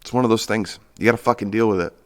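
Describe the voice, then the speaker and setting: A man's voice: lowish voice, fairly even intonation, racing. A man hosting a podcast, ranting in a casual, sarcastic and profane way, rambling with lots of fillers. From Michigan, USA. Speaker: podcast host. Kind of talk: casual solo rant.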